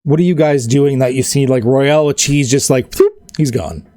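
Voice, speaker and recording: A man's voice: mid-range voice, normal speed, dark tone, no room sound, clean studio sound. A man narrating as game master in a casual, rambling way, full of filler words.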